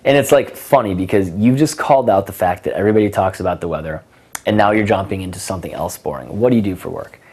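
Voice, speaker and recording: A young man talks through dating advice in a loose, casual way, his voice sitting a bit low. He leans on fillers and restarts and slips into acted bits of conversation to show his point. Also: quick pace, darkish tone, slightly rough. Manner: casual, filler-heavy, acts out both sides of conversations. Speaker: dating coach. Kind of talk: instructional monologue with acted example lines.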